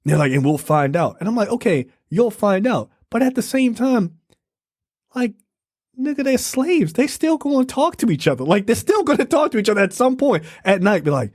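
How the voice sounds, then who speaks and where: Animated high-voiced man reviewing a movie. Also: brisk, no room sound, clean studio sound. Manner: animated, profane, laughing. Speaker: podcast co-host. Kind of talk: casual review chat.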